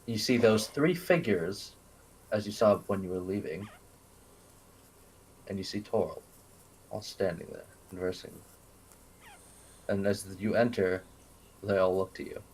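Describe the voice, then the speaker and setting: A man narrating as game master in a live-streamed tabletop game, relaxed and chuckling as he explains the rules. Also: on the low side, a little slow, pauses often, husky, rough recording.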